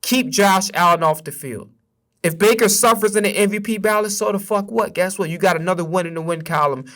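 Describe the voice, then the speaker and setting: A young man hosts a sports livestream, ranting casually and heatedly with plenty of swearing. His voice is high-pitched, fairly bright and a little fast. He's a streamer and sports podcast host.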